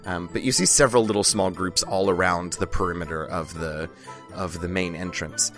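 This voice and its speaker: A man with a hoarse voice from a cold, hosting and narrating a tabletop game as dungeon master, with many fillers and restarts. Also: low voice, steady tone, normal speed, fairly bright tone, soft background music.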